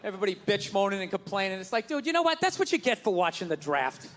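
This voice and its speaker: This man's high, sing-song voice moves fast as he performs a profane, ranting stand-up set, imitating people with exaggerated voices to mock them. He's on a comedy stage in front of a live crowd, and the recording carries the room's echo along with audience noise.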